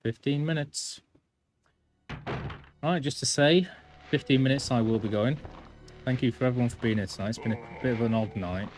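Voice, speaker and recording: A man's voice: medium pitch, moderate pace, pauses often, darkish tone, faint music behind. A man casually chatting to his viewers while streaming a game, chatty and self-deprecating. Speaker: gaming streamer. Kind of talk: casual live-stream commentary.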